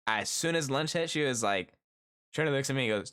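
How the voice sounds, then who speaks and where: A middle-aged man is chatting live with his stream viewers, telling a story about his day. His voice sits at an ordinary pitch but swings up and down a lot as he acts out what everyone said. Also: fast talker, clean tone. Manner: animated storytelling, acts out quoted coworkers. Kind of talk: casual chat with viewers.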